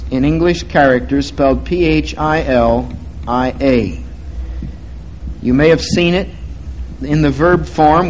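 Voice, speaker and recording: A man preaching a sermon, slow and deliberate, swelling louder on key words. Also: on the high side, a little hiss or hum, rough recording. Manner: slow, deliberate stress on words to teach them.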